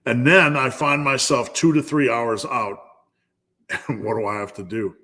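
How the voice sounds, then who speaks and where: A man's voice: mid-range voice, steady tone, a little slow, bright, forceful tone. A man hosting a live fitness Q&A, giving a blunt, profane pep talk. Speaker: fitness channel host.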